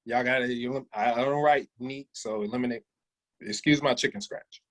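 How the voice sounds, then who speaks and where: A man's voice: medium pitch, normal speed, fairly bright tone, poor audio. A man leading a sales training, coaching his team with energy and calling on listeners by name.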